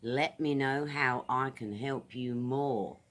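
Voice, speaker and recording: Outdoors, a friendly British English teacher runs an informal vocabulary lesson in an extremely low, slightly bright voice. Each word gets repeated slowly and with care to model its pronunciation.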